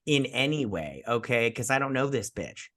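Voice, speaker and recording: Tipsy male co-host, crude and rambling, lively pitch swings. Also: moderate pace. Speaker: podcast co-host. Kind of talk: casual drunk movie review chat.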